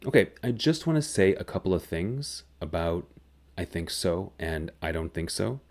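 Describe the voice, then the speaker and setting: A man teaching a grammar lesson, explaining slowly and clearly. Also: low voice, expressive. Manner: slow, clear, deliberate explanation. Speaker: English teacher.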